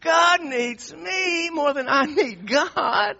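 A man voicing a proud, arrogant male king who boasts in a swelling, drawn-out way. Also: extremely high pitch, gravelly, sharp tone, dull audio, pitched above the performer's own voice, exaggerated voice. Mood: boastful.

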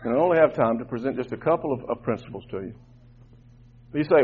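Fervent pastor, thin phone-like sound. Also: male voice, medium pitch, animated, fast, husky. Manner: fervent, repeats words while building points. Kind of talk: sermon. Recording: tinny phone-like line, muffled.

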